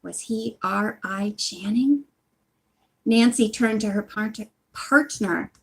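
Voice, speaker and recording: A woman's voice: medium pitch, slow pace, breathy edge. A woman at home reading a mystery novel aloud, breaking off for chatty, apologetic asides. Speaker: reader of a book series.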